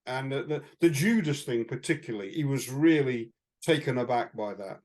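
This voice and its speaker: Chatting casually on a podcast, a male co-host rambles through anecdotes, often using fillers and chuckling. He speaks at normal speed in a mid-range voice with a darkish tone.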